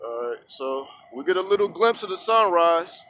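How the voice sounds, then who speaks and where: Guy with a high voice rambling into his phone outside, lots of cussing, faint traffic behind. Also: normal speed. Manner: profane, rambling, animated storytelling. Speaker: vlogger. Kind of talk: casual outdoor vlog monologue. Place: outdoors at sunrise, street. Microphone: phone camera at arm's length.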